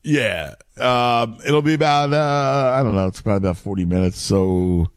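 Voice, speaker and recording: A man's voice: medium pitch, normal speed, dry recording, clean studio sound. A middle-aged man in casual chat who talks animatedly, stumbles over his words, and says "dude" a lot.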